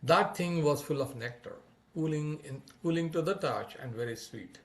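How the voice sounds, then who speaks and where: A man's voice: a little high, normal speed, natural voice. A man reading as a coaxing young divine lover. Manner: pleading, flattering delivery.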